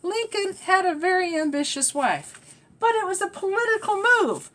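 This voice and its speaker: A woman's voice: very high voice, expressive, normal speed. A woman vlogger talking in a rambling, emphatic monologue that trails off and restarts. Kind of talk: rambling spiritual-political monologue.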